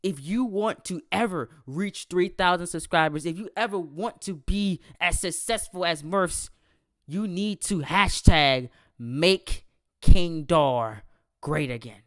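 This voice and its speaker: A man's voice: high voice, slow, fairly bright tone, no echo, studio quality. A man voicing an indignant, theatrical male wrestling fan who stammers through mock outrage, read out on a podcast. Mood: pleading. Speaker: podcast host reading a listener email. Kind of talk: exaggerated dramatic reading.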